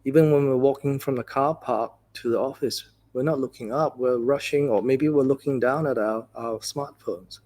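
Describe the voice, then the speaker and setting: A man who is a Buddhist monk, giving a dharma talk in a gentle, conversational storytelling way, often saying "you know". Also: mid-range voice, moderate pace, hardly any pauses.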